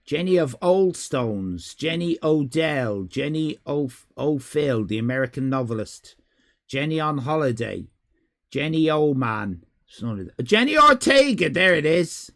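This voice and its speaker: Male streamer, gravelly, rambling and self-interrupting, mid pitch. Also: animated, measured pace, a little mellow. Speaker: livestream host. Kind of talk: casual live-stream chat. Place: home room with cats.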